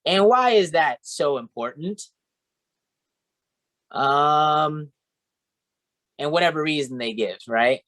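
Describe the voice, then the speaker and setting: A man's voice: a little high, expressive, slow, pauses often, a bit bright. A man training a sales team, coaching and encouraging, often checking in with "right?" and "okay?".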